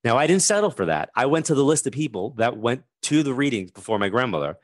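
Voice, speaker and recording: A man's voice: mid-range voice, very animated, quick pace, no echo, clean studio sound. A man in his fifties, a guest telling a story in conversation and acting out the voices of the people in it.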